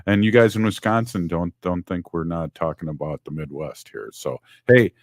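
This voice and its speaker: A man's voice: deep voice, normal speed, dry recording, studio quality. A man hosting a radio show, chatting casually in a rambling way with fillers and restarts.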